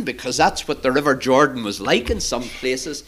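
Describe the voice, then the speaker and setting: A man preaching to children, retelling a Bible story in an animated, dramatic way. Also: mid-range voice, normal speed, hardly any pauses, husky.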